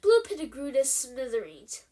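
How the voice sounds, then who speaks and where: A woman reading aloud, voicing a middle-aged male minister who tells a grim story in a solemn, halting way. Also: high-pitched, big pitch swings, dark tone. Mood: grave.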